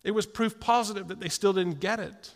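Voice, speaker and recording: A man preaching a sermon in a church hall, telling the story in a lively way and slipping into quick voiced asides, often restarting his words. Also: high-pitched. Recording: long hall reverb.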